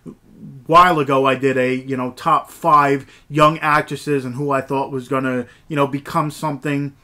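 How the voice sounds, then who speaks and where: A man's voice: medium pitch, level tone, normal speed, pushed and bright. A man giving a casual, rambling movie review, full of fillers and enthusiasm. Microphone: camera mic, movies shelved behind.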